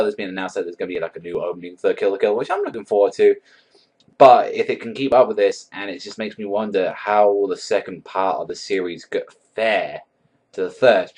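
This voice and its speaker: A man giving a casual, rambling anime episode review, swearing often and filling his talk with likes and ums. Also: low voice. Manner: rambling, swears a lot, many likes and fillers. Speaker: anime reaction vlogger.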